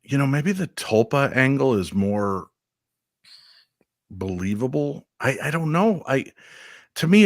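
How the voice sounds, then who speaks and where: Low-voiced male guest, halting storyteller, dry close mic. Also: no echo. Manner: halting, emotional recounting with many fillers. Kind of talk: radio interview storytelling.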